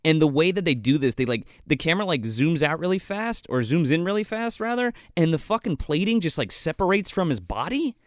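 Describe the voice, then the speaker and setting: A man co-hosting a casual movie podcast, swearing often and acting out scenes in quick quoted voices. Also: a little high, expressive, no room sound, studio quality. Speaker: podcast co-host. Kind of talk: casual chat.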